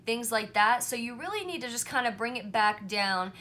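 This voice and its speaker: A woman's voice: on the high side, animated, moderate pace, bright, forceful tone, slight background noise. A woman doing a casual pick-a-card tarot reading to camera, chatty and reassuring, often checking in with "right?" and "you know". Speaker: tarot reader.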